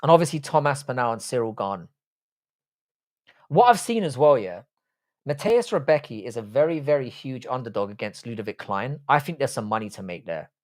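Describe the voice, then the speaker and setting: Young British guy, mid-pitched, casual livestream host reading chat, blunt and sweary. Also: sing-song, a little fast. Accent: British English. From England. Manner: blunt, sweary, laid-back banter. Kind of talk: casual live chat reading viewer comments.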